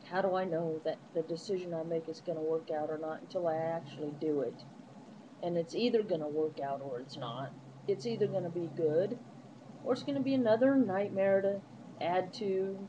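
A woman's voice: lowish voice, muffled recording, background noise. A woman vlogging from a hotel room into her netbook webcam, chatty and rambling, laughing often. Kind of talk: casual webcam diary. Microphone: netbook webcam microphone.

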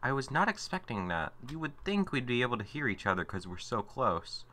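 A man's voice: medium pitch, big pitch swings, brisk, bright, forceful tone. A man giving let's play commentary, exasperated and swearing as he talks to himself. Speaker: gameplay commentator. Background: game music.

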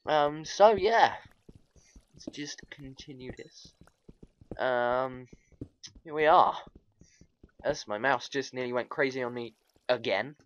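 A man giving rambling, excitable commentary over his game, chatting to viewers and laughing often. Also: medium pitch, takes it slowly, pauses often, dull audio. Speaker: gaming video host.

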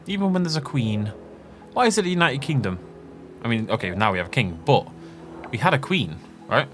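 Over game music, this gaming channel host laughs often and wanders through asides in loose, joking let's play commentary. He has a medium-pitched, fairly bright voice, animated and a little fast.

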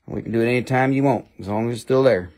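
A man's voice: mid-range voice, fast, a little mellow. A man with an Appalachian accent selling rocks on a live stream, rambling and joking in a casual chat. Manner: joking, rambling, playful funny voices. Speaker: live-stream rock seller.

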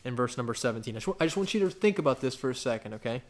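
A man preaching a sermon in a casual, rambling way, with asides and restarts, reading scripture aloud slowly and with emphasis. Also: medium pitch, lively intonation. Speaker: pastor.

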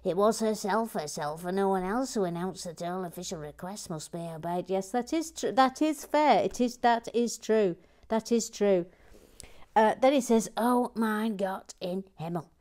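A woman's voice: medium pitch, moderate pace. A woman hosting a building stream in casual chat. She reads out viewer comments, repeats words to herself fondly, and often drops to a near whisper. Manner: soft-spoken, often drops to a murmur or whisper, then perks up. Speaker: host building a toy set on a live stream.

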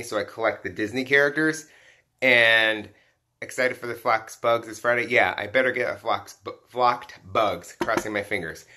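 Man, live-stream unboxing chat, bright, forceful voice, excitable, chatty, talking into a phone. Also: mid-range voice, a little hiss or hum. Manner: excitable, chatty, greets viewers by name, frequent gasps and laughs. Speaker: toy collector hosting a live stream.

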